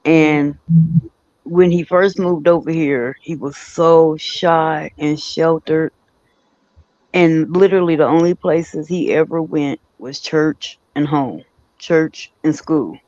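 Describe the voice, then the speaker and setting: A man's voice: on the high side, steady tone, takes it slowly, darkish tone, dry recording. A man co-hosting a casual podcast chat. He laughs easily and tells stories in emphatic, repeating phrases. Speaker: podcast co-host. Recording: dull, dry lo-fi recording.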